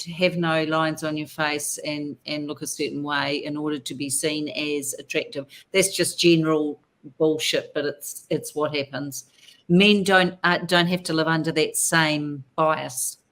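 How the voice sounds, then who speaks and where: A woman's voice: sits low, level tone, a little slow, a bit bright. A woman guest in a conversational interview, speaking frankly and earnestly with frequent restarts.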